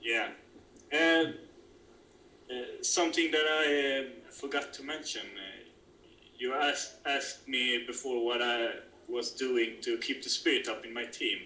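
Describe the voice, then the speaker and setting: A man with a Swedish accent, interviewed over a video call, speaking in a halting way with many fillers and restarts. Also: mid-range voice, bright, forceful tone. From Sweden. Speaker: interview guest, kubb player. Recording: roomy call audio with faint noise.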